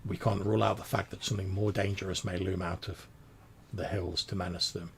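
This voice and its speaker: A man doing a quiet poised duchess. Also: low voice, flat delivery, vocal fry, slight background noise. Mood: courteous. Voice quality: quiet, measured. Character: poised female duchess in her fifties.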